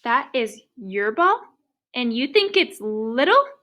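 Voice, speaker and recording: A woman's voice: fairly high pitch, very animated, slow, sharp tone, exaggerated voice. Woman reading as a timid little storybook pig.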